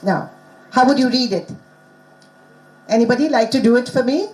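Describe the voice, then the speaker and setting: A woman's voice: on the high side, moderate pace, a little mellow, low-quality recording. A middle-aged woman presenting at a conference, teaching in an interactive way and quizzing the audience.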